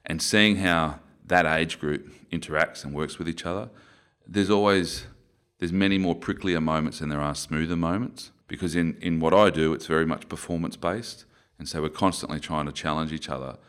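A very deep-voiced man with an Australian accent speaks in a relaxed interview. He rambles and corrects himself as he tells stories. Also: normal speed, clear, resonant tone. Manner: rambling, self-correcting storyteller. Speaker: interview guest, former rugby player. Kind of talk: conversational interview.

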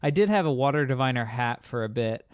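A man's voice: mid-range voice, animated, brisk, no room sound, clean studio sound. A man co-hosting a podcast in casual chat, loose and joking, with plenty of fillers. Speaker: podcast co-host.

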